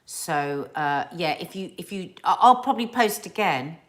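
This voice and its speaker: A woman's voice: on the low side, lively intonation, normal speed. A middle-aged woman from England hosting a live stream at home, chatting casually and rambling through viewer comments. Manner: chatty, rambling, with restarts and asides. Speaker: host of a family live stream.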